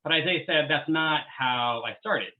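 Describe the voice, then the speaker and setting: A man giving a short presentation over a video call, opening quickly and with enthusiasm. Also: on the high side. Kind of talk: lightning presentation. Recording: tinny phone-like audio.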